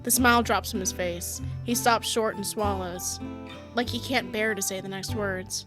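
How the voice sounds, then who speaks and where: A woman's voice: medium pitch, steady tone, moderate pace, music in the background. A woman streamer reading a visual novel aloud, narrating in second person and breaking off with giggly, chatty asides. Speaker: game streamer.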